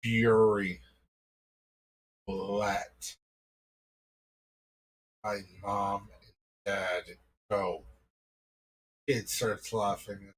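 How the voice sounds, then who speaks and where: A man's voice: fairly low pitch, fairly even intonation, very slow, long pauses, a bit bright, husky, low-quality recording. A man improvising a story, telling it casually and loosely, with many "like" fillers.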